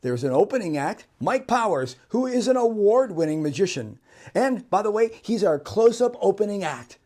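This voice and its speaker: Man, folksy showman patter, chuckling, fairly high voice, distant mic, echoey room. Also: sing-song, normal speed, dark tone. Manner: jokey, chuckles often, cowboy-flavored folksy talk. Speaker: magician and variety performer. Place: live stage show with audience. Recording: roomy, distant, with faint noise.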